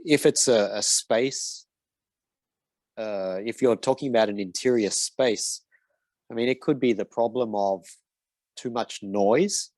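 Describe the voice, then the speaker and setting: A man's voice: lowish voice, a little mellow, no echo. A man answering design questions as a mentor, in a casual and hesitant way with many fillers and restarts. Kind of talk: casual Q&A in an online session.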